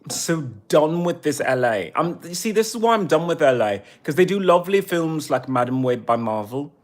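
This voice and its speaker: Heated and swearing, this man rants on his live stream in a fairly high, expressive voice at a normal speed. His tone shifts to sarcasm whenever he reads out the chat.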